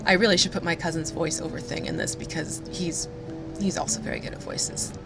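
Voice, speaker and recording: A woman's voice: deep voice, steady tone, brisk, creaky, over loud music. A woman hosting a crafting video, chatting casually and poking fun at herself for rambling. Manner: chatty and self-mocking, hums and rambles. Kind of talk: casual chat.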